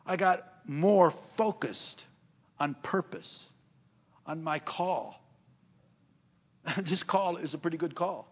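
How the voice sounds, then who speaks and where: A man's voice: a little high, slow, pauses often, slightly rough. An older man preaching a sermon, telling stories in a chatty way, laughing between lines and acting out the people he quotes. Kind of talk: sermon storytelling.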